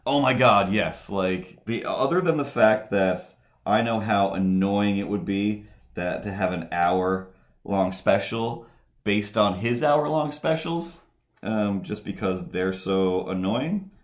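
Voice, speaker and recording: A man with a low, deep voice chats casually while he draws on a live stream. He rambles, loses his thread, and circles back with filler words. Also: lively intonation, slow. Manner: rambling, full of fillers and restarts. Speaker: livestream host.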